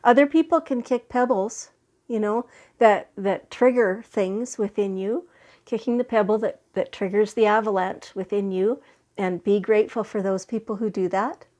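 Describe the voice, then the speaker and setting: A woman giving a weekly spiritual card reading in a gentle, reassuring way, getting over a head cold. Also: medium pitch. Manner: slow, gentle, reassuring with fillers and restarts. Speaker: tarot and oracle card reader.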